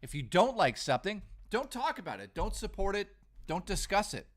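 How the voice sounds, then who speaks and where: A man hosting a casual live stream from home, talking in an animated, ranting way while reading out chat messages and thanking supporters. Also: sits high, normal speed. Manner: animated, ranting, bursts of laughter. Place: home living room.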